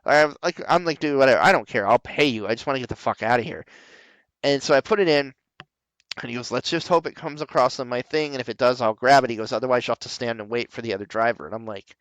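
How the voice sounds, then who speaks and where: A man's voice: mid-range voice, fast, clean tone, dry recording, poor audio. A man hosting a casual podcast chat, swearing freely and acting out the people in his stories. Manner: profane, animated storyteller who acts out quoted people. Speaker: podcast host.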